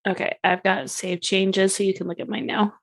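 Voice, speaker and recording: A woman playing a tabletop game, quietly asking questions about the rules in casual chat. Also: mid-range voice, little pitch movement, normal speed, creaky, no room sound. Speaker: player.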